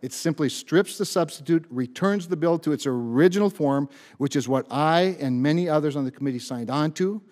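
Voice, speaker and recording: A man with a slightly high voice gives an emphatic statement at a committee hearing, leaning hard on the words he wants to stress. He often backs up and restarts mid-phrase. His voice carries a long reverb tail from the hearing room. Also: fairly quick, a little mellow. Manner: frequent restarts and word repeats. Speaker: senator.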